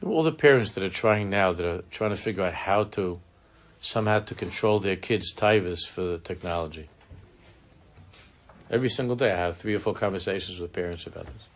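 A deep-voiced man teaches a Chassidic text in a conversational Torah class, speaking earnestly but haltingly. He drops Hebrew and Yiddish terms in as he goes.

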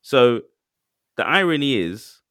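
A man co-hosting a podcast, talking in a casual, excitable way and acting out quotes. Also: mid-range voice, takes it slowly, dry recording, clean studio sound. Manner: animated, excitable, acts out quotes. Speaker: podcast co-host. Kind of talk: casual chat.

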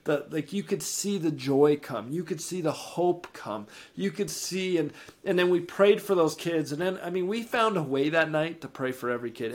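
A man, podcast co-host and ministry founder, telling a faith testimony with lively rises in energy and frequent word repeats. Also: normal speed. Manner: animated, rises in pitch and energy when excited; repeats words and restarts sentences. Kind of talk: storytelling testimony in an interview.

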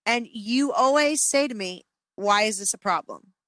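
A woman co-hosting a podcast in casual chat, self-deprecating and quick to laugh. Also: a little high, lively intonation, a bit bright, dry recording. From from an Irish Catholic family. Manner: self-deprecating, laughs often, chatty with fillers.

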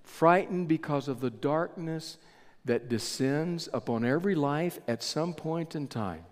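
A man preaching a sermon in a church, slow and deliberate with dramatic pauses. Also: on the high side, animated. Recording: long reverb of a large hall.

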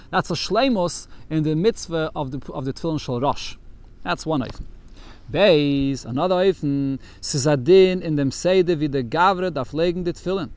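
Man teaching a text lesson, somewhat high. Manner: reads Yiddish text aloud, then explains it in English. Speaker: Torah teacher.

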